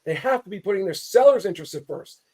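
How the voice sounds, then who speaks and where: A real estate attorney from Southern California gives impassioned commentary in a high-pitched, husky, darkish voice. He is expressive and quick-paced, fired-up and emphatic, often cutting himself off to restart sentences.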